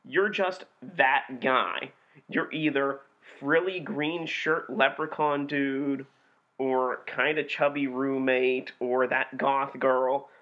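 A young man co-hosting a podcast, chatting casually with an animated, profane delivery. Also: mid-range voice, takes it slowly. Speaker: podcast co-host reviewing B movies. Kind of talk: casual chat. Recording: dull lo-fi podcast recording.

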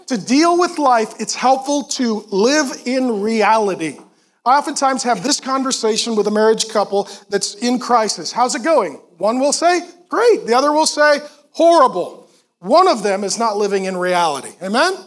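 A pastor with a strikingly high voice preaches a sermon from the stage of a church auditorium to a congregation. He speaks with animated emphasis and breaks off into quick asides, his voice picked up by a stage mic in the hall.

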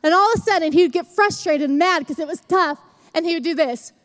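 A young woman with a very high voice preaches in a church in a chatty, animated way, acting out stories as she talks. She sounds casual and lively rather than formal. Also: fast talker. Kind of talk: sermon.

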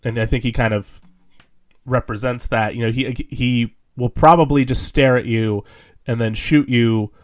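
A man's voice: mid-range voice, steady tone, a little slow. A man co-hosting a casual film chat, rambling with fillers and restarts and laughing often. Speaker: podcast co-host.

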